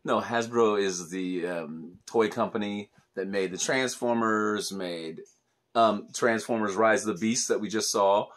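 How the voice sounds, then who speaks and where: A man's voice: lowish voice, unhurried. A middle-aged man hosting a casual toy review, explaining things patiently and chuckling often. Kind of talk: casual chat.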